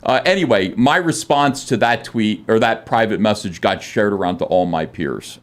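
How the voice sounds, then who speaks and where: A man, a comic book artist and podcast guest, telling a personal story casually with many filler words and restarts, earnest and self-deprecating. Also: lowish voice.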